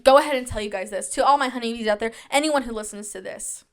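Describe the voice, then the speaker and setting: Talking quickly in a voice on the high side, a woman in her twenties hosts a podcast full of personal stories. Her casual, chatty delivery is self-deprecating and tinged with sarcasm.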